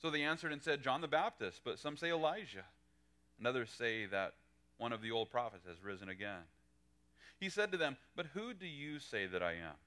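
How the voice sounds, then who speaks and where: A male pastor teaching a verse-by-verse sermon, acting out quoted dialogue with big lively swings. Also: a little fast. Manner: animated, acts out quoted lines with pitch jumps.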